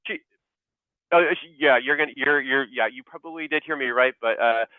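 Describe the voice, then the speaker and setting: Man, interview guest, halting storytelling, lots of fillers, tinny phone-like sound, dry. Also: mid-range voice, dry recording. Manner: halting, many fillers and restarts, laughs through stories. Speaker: guest, clinical pharmacist.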